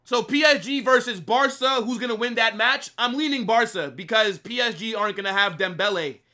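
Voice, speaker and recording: A man's voice: very high-pitched, fairly quick, bright, forceful tone. A young man hosting a live football stream, bantering combatively and mocking commenters in his chat.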